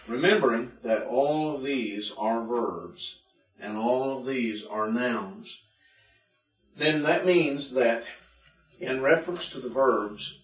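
Man, classroom lecture, methodical, repetitive, distant, roomy. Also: medium pitch. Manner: patient, methodical, repeats and drills. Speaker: teacher. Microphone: room recording from a distance. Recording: distant echoey classroom recording, dull lo-fi.

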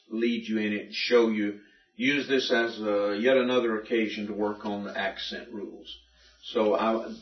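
Man, classroom lecture, methodical, repetitive, distant, roomy. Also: medium pitch. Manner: patient, methodical, repeats and drills. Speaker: teacher. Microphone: room recording from a distance. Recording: distant echoey classroom recording, dull lo-fi.

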